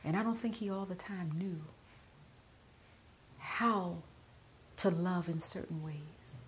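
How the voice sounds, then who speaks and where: Grieving, a middle-aged podcaster shares a personal reflection slowly in a fairly low voice that frequently sinks to a gentle whisper. A faint hiss runs beneath the recording.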